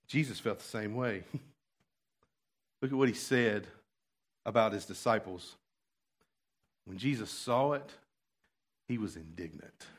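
A man preaching a sermon, dropping to quiet asides and then rising to loud, fervent passages. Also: medium pitch. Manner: swings from hushed asides to loud impassioned preaching.

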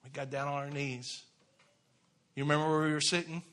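Guy preaching a testimony in church, bright tone, goes quiet then fired up. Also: on the high side, level tone, brisk. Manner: swings from hushed confessional to loud fervent preaching. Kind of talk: sermon testimony. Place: church sanctuary.

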